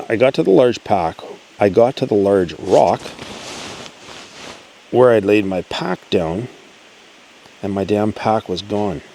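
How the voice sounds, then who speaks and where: Low-voiced guy slowly reading out a listener's story, earnest, pausing a lot. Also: creaky, warm tone, slight background noise, low-quality recording. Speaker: channel host.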